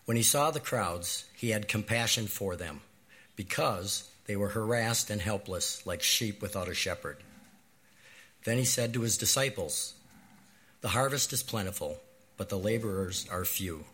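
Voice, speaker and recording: A man with a cold reading scripture aloud in a measured, grave manner. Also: fairly low pitch, lively intonation, sharp tone. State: sick.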